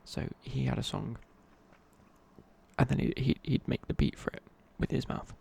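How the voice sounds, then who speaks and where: A man's voice: mid-range voice, fairly even intonation, moderate pace, creaky, warm tone, breathy edge. A young man telling a rambling casual story in a whispered ASMR chat. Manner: rambling, casual, many fillers and restarts. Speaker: ASMR creator.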